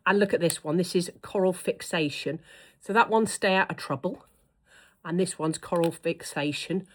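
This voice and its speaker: A woman's voice: lowish voice, normal speed. A middle-aged woman, chatting to camera in an effusive way as a vlogger. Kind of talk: casual chat to camera.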